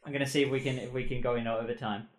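A man's voice: mid-range voice, fairly even intonation, very fast. A man narrating as game master of a tabletop game, hesitant and full of ums.

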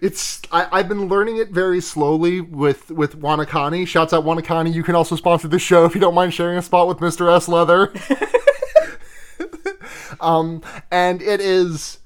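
A man's voice: on the high side, steady tone, moderate pace, smooth. A man hosting a podcast, casually retelling a film's plot, profane and giggly, rambling with restarts. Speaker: podcast host.

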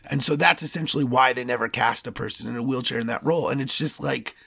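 A man's voice: mid-range voice, fast talker, gravelly, sharp tone, slightly rough, dry recording, studio quality. A man hosting a solo podcast, ranting with passion and stammering into restarts when he gets worked up. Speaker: podcast host. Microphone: studio podcast mic.

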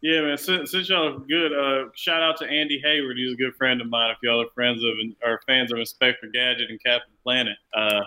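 Bright-voiced man swearing through a story. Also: mid-range voice, brisk, few pauses, low-quality recording. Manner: animated, swears a lot, acts out quoted people. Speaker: comedian turned software salesman. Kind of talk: profane casual storytelling.

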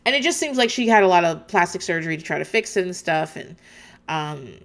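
Woman, casual commentary voice, animated and chatty, pitch leaps up on reactions. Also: brisk, gravelly.

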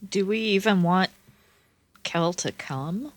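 A woman playing a tabletop role-playing game, cautious and thinking through plans out loud. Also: mid-range voice, slow, dry recording. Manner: cautious, reasoning aloud. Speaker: player. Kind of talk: tabletop role-play banter.

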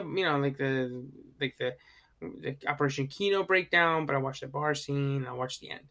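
A man co-hosting a casual movie chat, rambling with lots of fillers and animated asides. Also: fairly high pitch, fairly quick. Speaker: podcast co-host.

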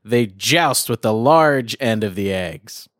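Man, podcast host, casual, reads facts, animated pitch, dry sound. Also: slow pace, dry recording. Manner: reads facts aloud, runs the games.

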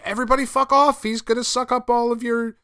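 A man voicing an exasperated adult male superhero who yells profanely at his teammates. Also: very high-pitched, flat delivery, fast, clean tone, pitched above the performer's own voice. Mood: exasperated yelling. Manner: shouting, profane, fed up.

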